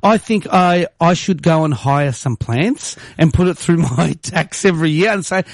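Rambling, animated man, dry sound. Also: fairly high pitch, normal speed, dry recording. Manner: animated, rambling, jokey ranting with bursts of loud mock voices. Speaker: podcast co-host. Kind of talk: casual chat.

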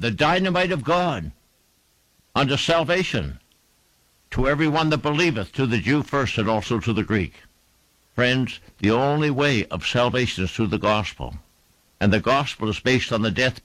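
A man's voice: mid-range voice, fairly bright tone, dry recording. A man preaching a fervent sermon, quoting scripture in emphatic, rhythmic bursts. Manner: fervent, emphatic preaching with King James quotations.

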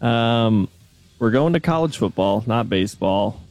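A man, a show's video producer, calmly laying out a trivia category in casual studio chat. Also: fairly low pitch, measured pace, dry recording, soft background music.

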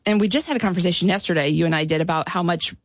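A woman co-hosting a morning radio show, playful and quick to exclaim. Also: fairly low pitch, no room sound, studio quality. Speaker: radio co-host. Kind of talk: casual radio banter. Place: radio studio.

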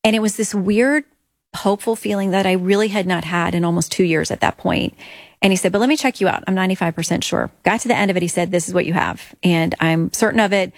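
A woman's voice: lowish voice, quick pace, vocal fry, no echo. A woman guest earnestly telling her faith story in an interview, acting out quoted lines.

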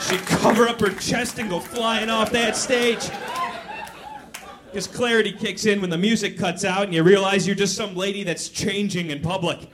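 A man doing a brash, crude stand-up set who shouts his punchlines. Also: sits high, steady tone, moderate pace. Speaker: stand-up comedian. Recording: live club with crowd noise.

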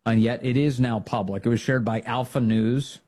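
A man's voice: mid-range voice, steady tone, moderate pace, dark tone. A man hosting a political talk show, giving opinionated commentary that builds to emphatic, fired-up exhortation.

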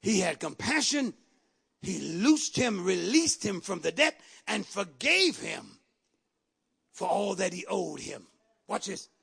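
A man preaching a sermon with emphatic repetition and sudden shouted lines. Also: sits high, very animated, takes it slowly, vocal fry, husky. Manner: emphatic, repeats phrases, bursts into shouts.

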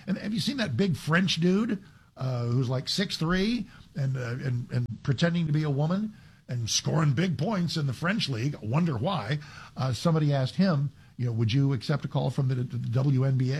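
A man's voice: mid-range voice, sing-song, fairly quick, darkish tone, breathy edge. A man hosting a talk radio show, giving conversational commentary with frequent restarts and sarcastic asides.

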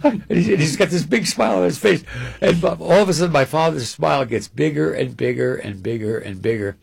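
Gravelly man telling a rambling story. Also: on the high side, brisk. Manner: animated, rambling, repeats words. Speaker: guest storyteller. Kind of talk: casual anecdote on radio.

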